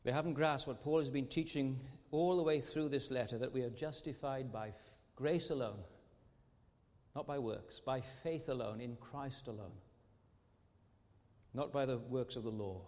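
A man's voice: medium pitch, normal speed, darkish tone. A man preaching a sermon as pastor, earnest and fond of rhetorical tag questions. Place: large church sanctuary. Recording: long church hall reverb.

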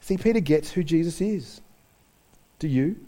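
A man delivering a sermon, his voice sitting a little high for a man. He preaches in an animated way, cracking jokes with the congregation and acting out the people he quotes. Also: a little slow. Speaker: pastor.

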